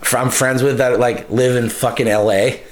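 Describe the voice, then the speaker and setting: Young man, podcast co-host, rambling profane storyteller, mid-pitched voice. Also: fairly even intonation, normal speed, crowd noise. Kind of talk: casual storytelling chat.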